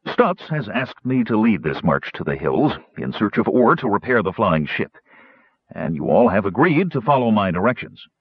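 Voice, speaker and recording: A man's voice: fairly low pitch, very animated, normal speed, slightly rough, dry recording, muffled recording. A man voicing a young knight who speaks formally and a little awkwardly. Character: earnest young male knight leading a march.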